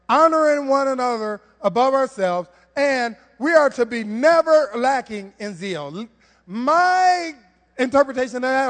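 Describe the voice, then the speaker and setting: A man preaching a conversational sermon to his church, animated and humorous, full of rhetorical questions. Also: very high-pitched. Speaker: preacher on the worship team. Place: church sanctuary. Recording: long reverb of a church hall.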